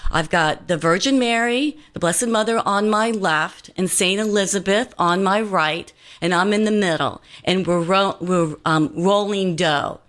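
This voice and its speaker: A woman's voice: medium pitch, unhurried, few pauses, a bit bright. A woman guest telling a personal story in an earnest, meandering way, full of fillers and restarts.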